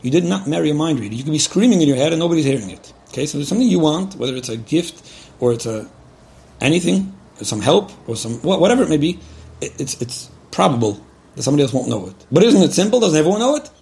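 Fast-talking gravelly man lecturing. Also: fairly high pitch, animated, a little mellow. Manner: direct, repetitive, frank. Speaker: religious lecturer giving a shiur. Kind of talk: earnest spoken advice lecture.

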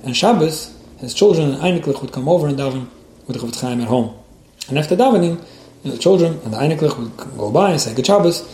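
A man's voice: medium pitch, lively intonation, fast, dark tone. A man teaching a class on child education, mixing stories into the lesson, often repeating words as he restarts. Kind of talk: lecture with storytelling. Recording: echoey room, faint background hiss.

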